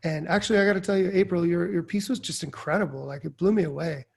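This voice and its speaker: A man with a fairly high, gravelly voice, speaking as a panelist at a writers' talk. He muses earnestly and a little haltingly, full of "you know" and "like". It sounds like a video call. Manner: reflective, earnest, with fillers. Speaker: creative writing faculty panelist. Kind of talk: casual panel discussion.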